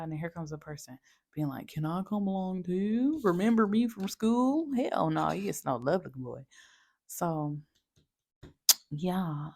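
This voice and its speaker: Gravelly-voiced woman giving a casual astrology reading. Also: low voice, dark tone, dry recording. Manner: rambling, slangy, talks straight to the listener. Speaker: astrology tarot reader.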